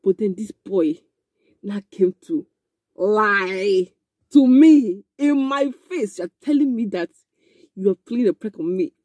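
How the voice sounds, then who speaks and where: A young woman telling a casual storytime, animated and excitable, with frequent exclamations. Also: medium pitch, slow, dry recording. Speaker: vlogger.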